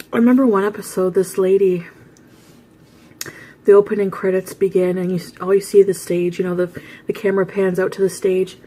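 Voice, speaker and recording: Candid woman telling stories, low-key. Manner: candid, confessional, mostly low-key and quiet. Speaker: vlogger. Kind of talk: casual storytelling to camera.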